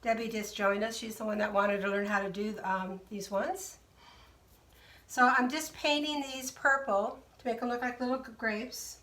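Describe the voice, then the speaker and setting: A woman leads a live craft tutorial, chatting her way through each step and greeting viewers by name. Her voice is fairly high, steady, and fairly bright at a normal speed, captured by a distant mic in a roomy space.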